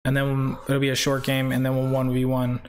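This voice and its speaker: A man's voice: mid-range voice, monotone, fairly quick. A man hosting a game live stream in a rambling, chatty way, reading out viewer names and laughing often. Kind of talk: casual live-stream chat.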